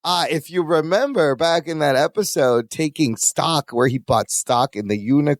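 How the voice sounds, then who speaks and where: A man co-hosting a podcast, chatting about a sitcom episode and pitching the show's listener group. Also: no room sound, studio quality. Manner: animated, reads a quick promo for listeners. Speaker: podcast co-host. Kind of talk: casual podcast chat and show promo.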